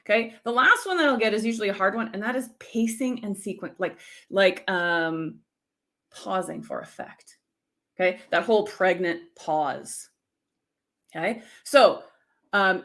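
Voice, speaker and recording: A middle-aged woman from the United States teaches a live-stream speaking lesson with plenty of energy, frequently engaging her viewers. She speaks at a moderate pace in a medium pitch.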